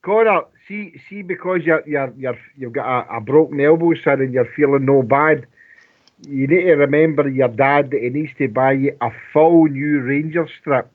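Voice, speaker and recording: A man's voice: mid-range voice, moderate pace. A man with a Scottish accent co-hosting a fan radio show, chatting jokily about football and reading out listener messages. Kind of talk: casual football chat. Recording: tinny phone-like line.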